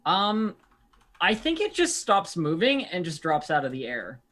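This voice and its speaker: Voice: mid-range voice, wildly swooping pitch, unhurried, a bit bright. A player in a tabletop game describing a spell effect in a rambling way, with many fillers. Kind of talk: casual tabletop game play.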